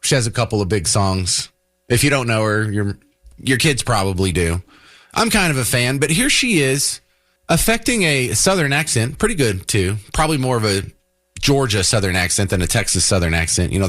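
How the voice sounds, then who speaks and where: A man hosting a talk radio show, delivering a sarcastic, animated opinion monologue. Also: lowish voice, moderate pace.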